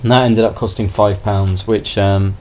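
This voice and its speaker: A man casually chatting through a haul of toy finds in a relaxed, rambling way. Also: fairly low pitch, normal speed, a little hiss or hum. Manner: relaxed, rambling, self-deprecating. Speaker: toy collector vlogger. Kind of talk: casual haul video chat.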